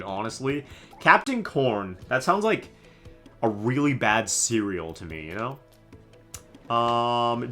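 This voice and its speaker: Young man, casual let's-play host: jokey, slangy, very animated pitch, bright tone. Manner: goofy, joking, slangy. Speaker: gaming streamer.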